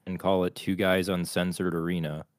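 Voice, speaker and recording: A man's voice: low-pitched, level tone, normal speed, no echo, studio quality. A young man co-hosting a casual podcast, blunt, argumentative and swearing freely. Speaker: podcast co-host. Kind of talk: casual crude podcast banter.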